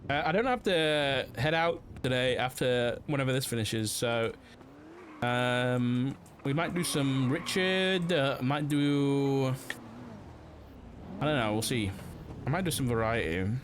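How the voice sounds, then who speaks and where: A man's voice: medium pitch, animated, slow, a little hiss or hum. A man streaming a police roleplay game, chatting casually with lots of fillers and swearing. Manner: rambling, swears freely, many fillers. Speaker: streamer playing a police officer.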